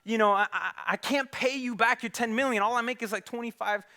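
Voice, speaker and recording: A man's voice: extremely high pitch, racing, bright, forceful tone, pitched above the performer's own voice, heavily acted. A preacher acting out a panicked, broke male gambler who stammers and begs for mercy. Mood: desperate pleading. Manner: stammering, desperate pleading.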